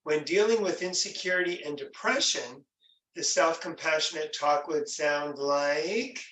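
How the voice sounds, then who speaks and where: Male workshop presenter, slightly high voice, gentle and encouraging, echoey room, set back from the mic. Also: measured pace, distant mic, a little hiss or hum. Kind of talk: online workshop teaching.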